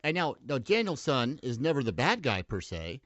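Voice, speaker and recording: A man's voice: mid-range voice, big pitch swings, moderate pace, a bit bright, no echo. A middle-aged man co-hosting a casual sports podcast, talking with enthusiasm and acting out characters when he tells a story. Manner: enthusiastic, acts out characters in quotes. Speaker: podcast co-host. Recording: dull, dry lo-fi podcast mic.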